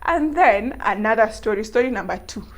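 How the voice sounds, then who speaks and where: A young Kenyan woman vlogger telling a story to camera in an animated, laughing way. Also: on the high side, moderate pace. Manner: animated, laughing, mixing in local words.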